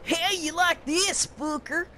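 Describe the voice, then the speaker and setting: A man's voice: extremely high pitch, steady tone, takes it slowly, sharp tone, slight background noise, pitched above the performer's own voice, heavily acted. A woman voicing a crude, taunting hillbilly bandit villain from a game, in a mocking redneck put-on.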